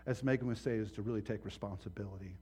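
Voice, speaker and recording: A man preaching a sermon as pastor, impassioned and swinging from hushed to loud, acting out voices in his stories. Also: lowish voice, very fast, breathy edge.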